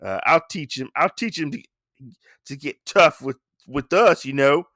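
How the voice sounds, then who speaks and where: A man's voice: fairly high pitch, lively intonation, unhurried, pushed and bright, dry recording, clean studio sound, exaggerated voice. A man doing a jeering pig-man thug. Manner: jeering, mocking taunts. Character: boastful brutish male pig-man gambler thug.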